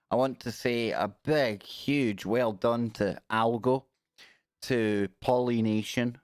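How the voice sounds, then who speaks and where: A man's voice: mid-range voice, a little mellow, dry recording, studio quality. A middle-aged man, hosting a live stream in a chatty, rambling, joking way. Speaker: host. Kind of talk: casual live-stream chat.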